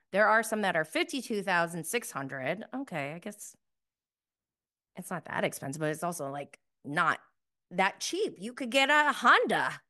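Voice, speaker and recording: A woman's voice: mid-range voice, fairly bright tone. A woman hosting a casual recap show, talking in a chatty, sarcastic way full of fillers. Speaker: podcast host recapping reality TV. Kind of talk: casual commentary.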